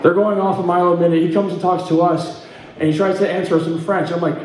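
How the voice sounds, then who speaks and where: A man's voice: sits high, steady tone, fast, darkish tone, very echoey, low-quality recording. A middle-aged man from Ontario doing stand-up comedy, telling a story with lots of swearing and laughing between punchlines. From Ontario, Canada.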